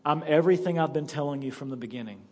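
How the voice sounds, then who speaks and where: A man preaching a sermon as pastor, reading scripture slowly and dropping his voice low, then pressing his points hard to the congregation. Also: long reverb tail. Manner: emphatic preaching, slows and drops low for scripture. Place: church sanctuary.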